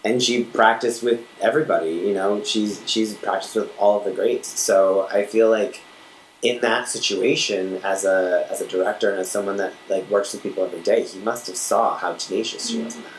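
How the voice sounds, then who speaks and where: A woman's voice: extremely low pitch, expressive, normal speed. A woman co-hosting a podcast in casual, rambling chat. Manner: chatty, rambling with fillers. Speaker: podcast co-host. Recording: roomy with faint hiss.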